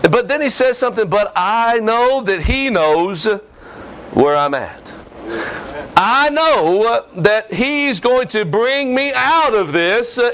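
A man's voice: high-pitched, fairly bright tone, a little hiss or hum. A man preaching a sermon in an emphatic, repetitive cadence, reading scripture aloud to his congregation. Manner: preaching with a rising, emphatic cadence and repeated phrases. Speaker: pastor.

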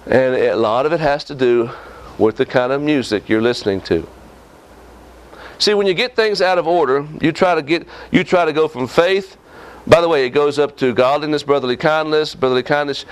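A man's voice: fairly high pitch, moderate pace. Folksy preacher man. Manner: folksy, scolding, asks the congregation questions. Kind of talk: sermon.

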